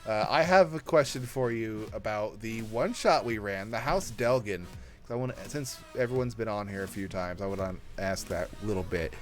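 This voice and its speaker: A man's voice: lowish voice, moderate pace, faint music behind. A man hosting a casual podcast chat, teasing his guest and laughing often. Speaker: host.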